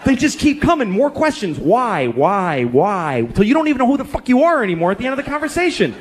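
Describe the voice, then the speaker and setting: A middle-aged man performing stand-up comedy on stage, telling stories in an animated, incredulous way. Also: extremely high pitch, very fast. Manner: animated, incredulous storytelling with swearing. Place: comedy stage before a live audience. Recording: live stage recording with background noise.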